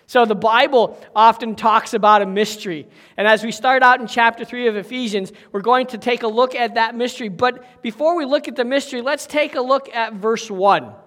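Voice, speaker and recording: A man's voice: very high voice, fairly quick, hardly any pauses, fairly bright tone. A middle-aged male pastor preaching a sermon in a folksy, chatty way, with many asides and okays. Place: church sanctuary. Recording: echoey hall.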